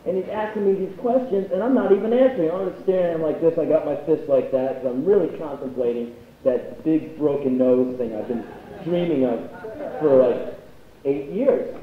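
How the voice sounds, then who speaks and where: A man's voice: a little high, normal speed, recorded from a distance. Sardonic young man on a live stage. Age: 20s. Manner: profane, sardonic, deadpan. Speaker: spoken-word performer. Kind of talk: live spoken-word storytelling. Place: university hall stage. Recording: echoey hall, lo-fi bootleg tape.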